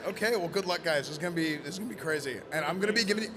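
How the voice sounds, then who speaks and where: A man presenting in costume at a live event, joking and rambling loudly. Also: on the high side, racing, few pauses. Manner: playful, rambling, loud. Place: convention event floor. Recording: noisy convention floor.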